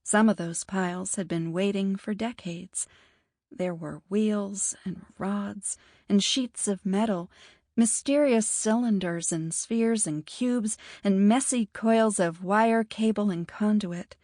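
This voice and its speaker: Narrating a fantasy audiobook from a script, a woman speaks at medium pitch in a measured, level storytelling manner. The studio recording is clean, with no echo.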